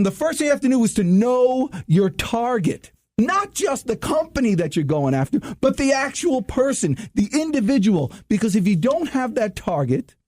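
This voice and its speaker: Animated high-voiced male radio host. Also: no echo, studio quality. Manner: animated, teasing, addresses listeners as ladies and gentlemen. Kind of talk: joking sales-tips radio talk. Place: radio studio. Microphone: studio microphone.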